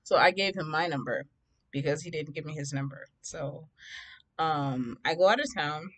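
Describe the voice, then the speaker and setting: A young woman telling a story to camera in a chatty, animated way, acting out what people said and laughing along. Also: low voice, moderate pace. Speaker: vlogger. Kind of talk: casual storytime.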